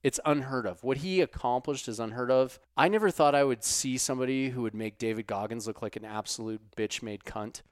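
A man hosting a podcast in casual, profane chat, swinging from muttered asides to loud outbursts. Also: mid-range voice, a little fast, few pauses, dry recording, studio quality. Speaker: podcast host.

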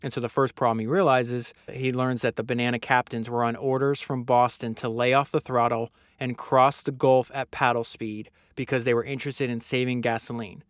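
A man hosting a podcast, reading book passages aloud and breaking in with excited, casual asides. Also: medium pitch, quick pace, no echo, studio quality. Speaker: podcast host. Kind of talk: book summary read aloud with commentary.

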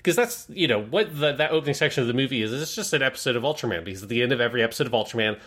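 A man's voice: medium pitch, expressive, racing. A man co-hosting a film podcast, talking enthusiastically in casual chat and acting out lines from the show. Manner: enthusiastic, acts out shouted lines in quotes. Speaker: podcast co-host.

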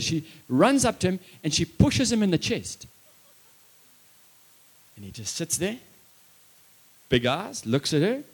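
A man preaching a sermon and telling a story, impassioned, swinging between loud emphasis and hushed lines, with chatty asides to the congregation. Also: fairly high pitch.

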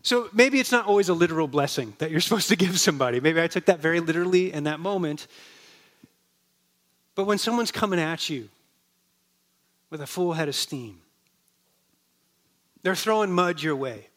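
A male pastor giving a sermon in a conversational storytelling way, dropping to a soft, slow voice on key words. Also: fairly high pitch, animated. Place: church.

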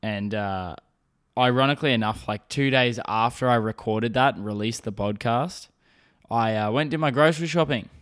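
Brief: young Aussie podcast host, resonant mid-pitched voice, casual swearing storyteller who laughs at himself. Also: male voice, moderate pace, fairly bright tone, smooth. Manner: rambling, profane, self-mocking.

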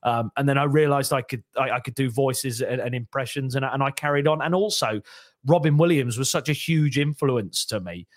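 A man's voice: medium pitch, fairly quick, no room sound, clean studio sound. A man, a comedian and impressionist, chatting on a podcast and slipping into voices as he talks. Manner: lively storyteller, slips into voices mid-sentence. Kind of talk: casual podcast chat.

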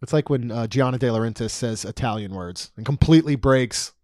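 A man's voice: mid-range voice, fairly quick, a little mellow, dry recording, studio quality. A man co-hosting a podcast in casual chat, reading out prices with jokey asides. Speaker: podcast co-host. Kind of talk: casual podcast chat about theme park costs.

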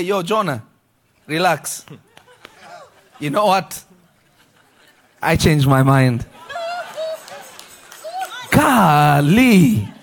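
Male preacher, high and very animated, shouting out his lines in church. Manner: animated, shouting and acting out quotes, laughing. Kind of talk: lively sermon.

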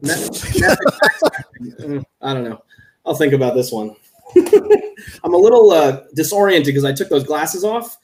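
A man's voice: fairly high pitch, sing-song, measured pace, pauses often. A man hosting a casual podcast chat, easygoing and a little hesitant. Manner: easygoing, hesitant, with fillers and laughs. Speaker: host.

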